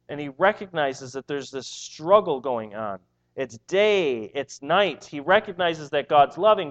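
An earnest man preaching a sermon, emphatic and prone to repeating his words as he presses a point. His voice sits a little high for a man. The recording is dull and lo-fi.

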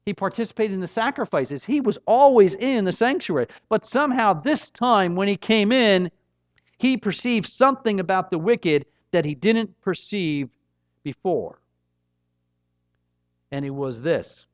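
Unhurried and high-voiced, a middle-aged pastor preaches with lively intonation, his emphatic sermon swelling and dipping. There's no echo, and the dry recording comes across dull and a bit muffled.

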